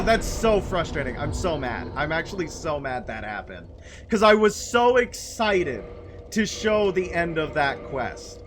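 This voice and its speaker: High-voiced man ranting over a game. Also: very animated, a little slow, a bit bright, a little hiss or hum. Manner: exasperated, repetitive ranting. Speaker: video game player. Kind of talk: let's play commentary.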